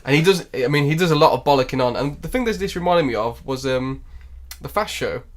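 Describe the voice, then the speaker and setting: A man's voice: medium pitch, animated, fairly quick. A man hosting a podcast, chatting casually and jokily about a film, laughing often as he recaps it. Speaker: podcast host.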